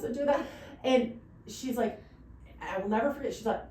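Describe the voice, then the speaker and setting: A woman who owns a bridal boutique, telling stories in a casual podcast chat with excited bursts. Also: fairly high pitch, brisk. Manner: animated storyteller, excited bursts. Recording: roomy, distant mic with faint noise.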